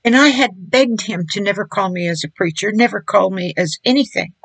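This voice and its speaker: A woman's voice: mid-range voice, a little fast, gravelly, no echo, rough recording. A woman preaching, telling her personal testimony in an earnest, emphatic storytelling manner.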